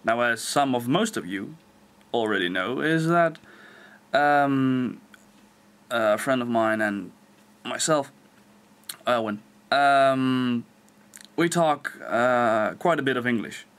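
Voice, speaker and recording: A man's voice: mid-range voice, slow, pauses often, a bit bright, smooth. A young Dutch man, a non-native English speaker, rambling self-mockingly in a casual vlog. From Netherlands. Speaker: vlogger.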